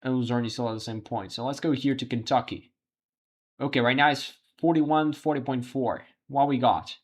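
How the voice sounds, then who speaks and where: A man hosting a livestream, giving live election results commentary while thinking aloud, halting with frequent restarts. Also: medium pitch, fairly even intonation. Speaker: livestream host.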